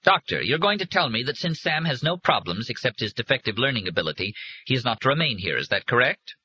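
Guy doing a stern shrewd mom voice, higher than his own, husky, lively. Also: brisk, no echo, highs cut off, exaggerated voice. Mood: firm. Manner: firm and cold, then quavering. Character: firm, politically shrewd mother, middle-aged woman.

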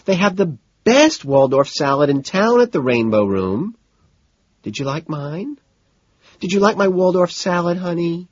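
A high-strung rich young woman whines and wails in a lifted, swooping voice, as a male reader puts her on. The audio sounds dry and a bit dull, like a plain booth recording. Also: lively intonation, measured pace, slightly rough, no room sound, full character voice. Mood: whiny. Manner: whining, exasperated, melodramatic. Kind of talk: audiobook character voice.

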